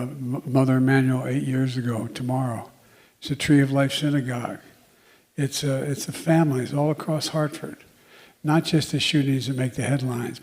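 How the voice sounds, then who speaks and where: An older man, a politician giving a public speech, who stumbles and mumbles, then bursts into loud emphatic lines. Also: medium pitch.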